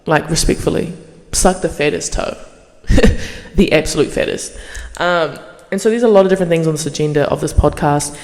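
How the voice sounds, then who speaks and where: A young woman hosting her podcast in a casual monologue, swearing freely and yapping in an animated way. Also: sits low, long reverb tail. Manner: profane, animated, fast yapping. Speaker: podcast host.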